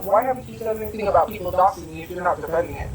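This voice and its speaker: A woman's voice: fairly low pitch, racing, music in the background, rough recording. A woman ranting on a livestream, insistent and argumentative, repeating her points over and over. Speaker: streamer in a clip being reacted to. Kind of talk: heated livestream rant.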